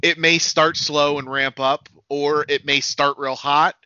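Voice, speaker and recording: Bright, sharp-voiced guy co-hosting a podcast, easygoing, dull dry lo-fi audio. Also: fairly high pitch, flat delivery, unhurried, clean tone, no room sound. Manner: easygoing, chimes in with short replies. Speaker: podcast co-host. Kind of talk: casual pop culture chat.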